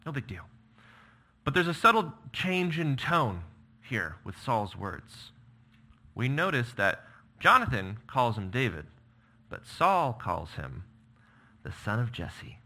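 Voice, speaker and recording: A male pastor preaching with a very bright, sharp voice. His pitch swings widely as he reads scripture with emphatic, dramatic weight. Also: very animated, slow pace. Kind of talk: sermon.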